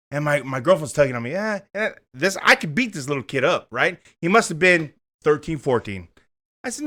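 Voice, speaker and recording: A man's voice: on the high side, sing-song, fairly quick, pushed and bright. A man, telling a story in casual chat, acting out the voices and swearing freely. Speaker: co-host.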